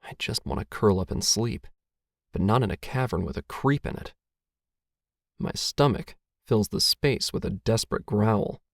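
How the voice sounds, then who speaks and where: A man's voice: lowish voice, expressive, moderate pace, vocal fry, dry recording. A man reading a first-person short story aloud, with a dry, wry, self-mocking tone. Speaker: narrator.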